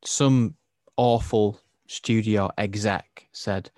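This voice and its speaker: Opinionated English film podcast co-host, low voice, dead-dry mic. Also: male voice, moderate pace, no room sound. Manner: animated, opinionated, laughs easily. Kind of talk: casual film review chat.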